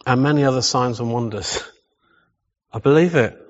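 A man's voice: medium pitch, moderate pace. A man preaching a sermon, emphatic and full of rhetorical questions. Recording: echoey hall, slightly dull sound.

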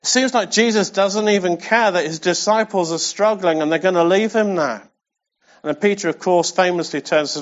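A male preacher with a high voice delivers a sermon in a casual, conversational style. He talks straight to his listeners and drives points home by repeating them. The recording is muffled and lo-fi. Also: moderate pace. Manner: conversational, speaks directly to the congregation; emphatic, repeats key phrases. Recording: dull lo-fi sound.

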